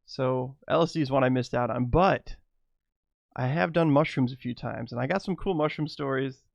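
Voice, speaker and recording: A man's voice: mid-range voice, moderate pace, creaky, no room sound, muffled recording. A middle-aged man telling rambling personal stories to his viewers, laughing often between lines. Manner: loose and rambling, many fillers. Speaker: vlogger. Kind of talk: casual storytelling to camera.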